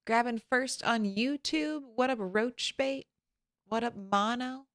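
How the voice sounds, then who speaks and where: A woman's voice: a little high, slow, fairly bright tone, no room sound, studio quality. A woman game streamer chatting casually from home, greeting viewers by name and laughing often.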